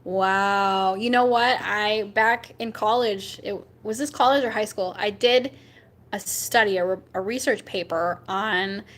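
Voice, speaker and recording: A young woman hosting a casual chat, talking with her viewers, rambling with fillers and jumping up in pitch when she reacts. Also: measured pace, fairly bright tone. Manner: chatty and rambling, with many fillers and laughs. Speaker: livestream host chatting with viewers.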